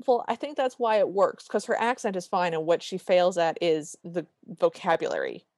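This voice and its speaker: A woman co-hosting a podcast, recapping a movie in animated casual chat and quoting the characters. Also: on the low side, moderate pace, no echo, clean studio sound. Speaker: podcast co-host.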